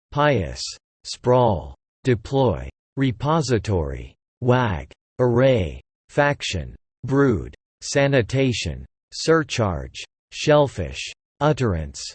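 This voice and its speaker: A man reading single English vocabulary words one at a time in a slow, measured way. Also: mid-range voice, husky, no echo. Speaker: vocabulary word reader.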